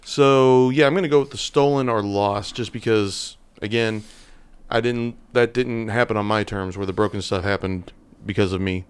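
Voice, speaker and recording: A man co-hosting a casual podcast, joking and making quick asides. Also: on the low side, clean tone. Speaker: podcast co-host. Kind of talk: casual chat.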